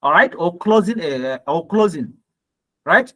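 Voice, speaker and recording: A man's voice: high voice, lively intonation, measured pace, fairly bright tone. A man with a Nigerian accent teaching copywriting, who reads ad copy aloud and then breaks it down, often checking in with "right?" and "okay?". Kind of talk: screen-share lesson reviewing ad copy.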